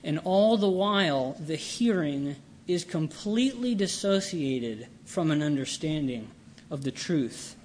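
Slow, deliberate male preacher. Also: on the high side, animated, a little mellow, a little hiss or hum. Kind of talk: sermon.

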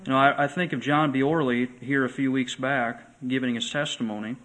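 An earnest male pastor delivering a sermon in a church, his voice sitting at an ordinary middle pitch. He slows and swells when he reads scripture aloud. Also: fairly even intonation, fairly bright tone, rough recording. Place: church sanctuary.

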